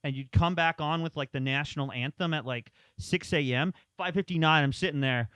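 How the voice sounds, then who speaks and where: A man with a somewhat high voice tells long, rambling stories in a casual chat and acts out the people he quotes. The sound is dry and close, with no room echo. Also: brisk, few pauses, a bit bright, clear, resonant tone, dull audio. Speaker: podcast co-host.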